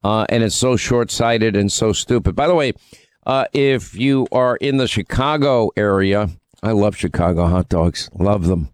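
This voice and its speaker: A man's voice: on the low side, a little slow, clear, resonant tone, no echo. Talk radio co-host, man from New York, opinionated and chatty, dry close studio sound. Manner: chatty, opinionated, with frequent fillers. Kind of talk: talk radio banter and commentary.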